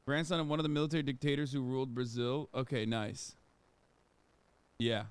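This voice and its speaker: A man riffing sarcastically on a live stream, casual and prone to swearing. His voice is smooth and resonant at a middle pitch, recorded dry and close. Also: little pitch movement, fairly quick, dry recording.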